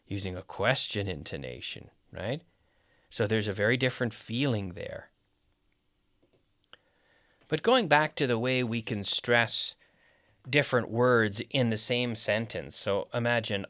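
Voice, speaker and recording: A man's voice: mid-range voice, expressive, normal speed, a bit bright, no echo, studio quality. A man hosting an English-lesson podcast who explains patiently, says example sentences aloud and adds Spanish glosses. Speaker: English teacher and podcast host.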